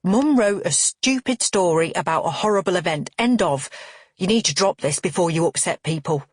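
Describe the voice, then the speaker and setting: A woman reading the part of a vehement, hot-tempered middle-aged brother, husky-edged and dry. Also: high-pitched, expressive, normal speed, no room sound. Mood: angry. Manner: vehement, scolding.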